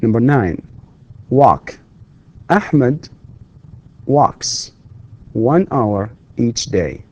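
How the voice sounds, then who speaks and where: A man giving a recorded university English lecture, explaining slowly and patiently with repetitions and hesitations. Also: mid-range voice, big pitch swings, a little mellow. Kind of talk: recorded distance-learning lecture.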